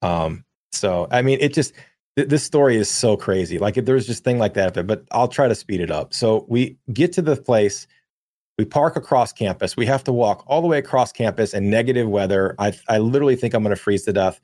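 A young man co-hosting a podcast, telling a long profane anecdote in a rambling, animated way. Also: fairly low pitch, fairly quick, no room sound, studio quality. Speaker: podcast co-host. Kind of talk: casual storytelling.

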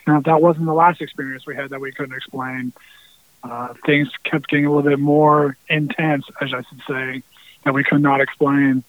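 A man tells a long story in a rambling, casual way, restarting often and swearing now and then. His voice sits a little higher than most men's. It sounds dry and tinny, like a phone line. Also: dry recording. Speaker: musician guest.

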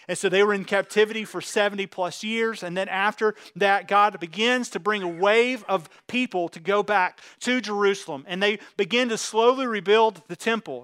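High-voiced preacher, dry sound. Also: male voice, a bit bright, clean tone, no room sound. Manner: fervent, paraphrases scripture in plain talk. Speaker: pastor. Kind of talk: sermon.

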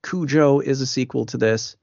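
Husky-voiced man on a lo-fi podcast. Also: mid-range voice, normal speed, darkish tone, no room sound. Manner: knowledgeable, explaining. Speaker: podcast co-host. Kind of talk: casual chat. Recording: muffled lo-fi podcast audio.

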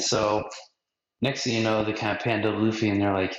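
A man's voice: fairly low pitch, flat delivery, brisk. A male podcast host giving a rambling, slangy recap and acting out quotes along the way. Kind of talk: casual episode recap. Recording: roomy, dull lo-fi podcast audio.

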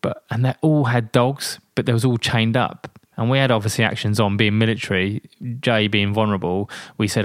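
A man, a guest and military veteran, telling anecdotes in an animated way with many fillers and restarts. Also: on the low side, a little fast, few pauses, no room sound, clean studio sound. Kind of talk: storytelling in a podcast interview.

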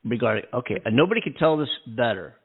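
Co-host, male, husky gravelly voice, rambling, heard over a tinny phone line. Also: medium pitch, animated, fast. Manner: rambling, many restarts and fillers. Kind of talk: casual call-in chat.

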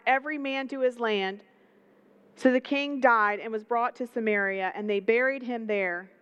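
A woman's voice: a little high, a bit bright, clean tone. A woman teaching a Bible passage in a casual, humorous way with slang asides, in a dull lo-fi recording.

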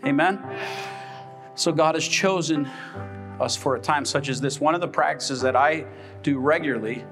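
Faint music sits behind a pastor whose fairly high voice has a somewhat bright tone and moves at an ordinary speed. His sermon in the church sanctuary is emphatic, punctuated by calls for the congregation to answer back.

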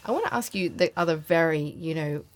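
Woman, podcast host, friendly interviewer, lower voice. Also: lively intonation, a little fast. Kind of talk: interviewing a guest.

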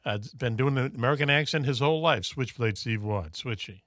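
A man's voice: medium pitch, fairly bright tone, no echo, clean studio sound. A man hosting a casual radio talk show with a Boston accent, rambling and joking between topics. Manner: jokey, rambling, quick asides.

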